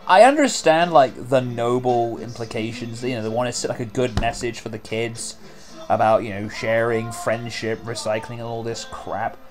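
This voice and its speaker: A man giving casual, sarcastic commentary over a video, rambling with lots of filler words. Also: medium pitch. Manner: sarcastic and rambling, many "like" and "you know".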